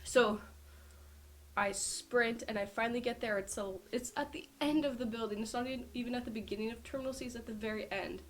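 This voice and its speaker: A woman's voice: a little high, a little fast, a little hiss or hum. Chatty young woman telling a vlog story. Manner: chatty, lots of "like" fillers. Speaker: powerlifter vlogger.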